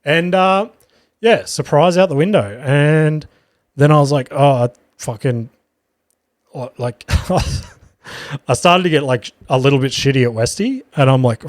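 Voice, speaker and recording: A man's voice: medium pitch, measured pace, no room sound. A man with an Australian accent hosting a podcast, telling a casual anecdote and swearing as he quotes people. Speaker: podcast host. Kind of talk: casual storytelling. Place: podcast studio.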